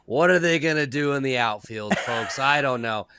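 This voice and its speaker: A man's voice: mid-range voice, moderate pace, background noise. A man hosting a podcast in loose, irreverent casual chat, joking with his co-hosts on a close mic. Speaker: podcast host.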